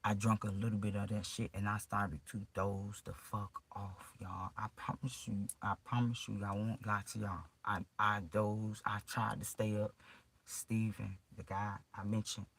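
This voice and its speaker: A man's voice: fairly low pitch, flat delivery, unhurried, creaky, a bit bright, breathy edge, rough recording. A man emotionally recounting a personal ordeal to his viewers in casual, profane, rambling speech full of restarts.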